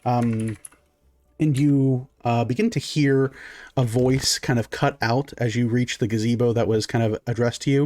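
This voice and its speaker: A man's voice: mid-range voice, fairly even intonation, moderate pace, darkish tone. A man narrating a tabletop game as game master, rambling with many fillers.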